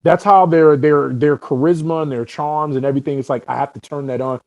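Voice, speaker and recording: A young adult man, a guest actor, chatting casually and telling stories in an animated, talkative way. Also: a little high, fairly quick, no room sound, lo-fi sound. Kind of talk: casual podcast chat.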